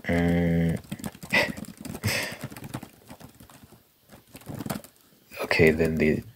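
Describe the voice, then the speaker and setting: A young man telling a story in a soft-spoken ASMR style, casual and rambling with fillers. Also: low-pitched, monotone, extremely slow, vocal fry, slight background noise. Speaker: ASMR creator. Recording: keyboard clicking and typing sounds behind.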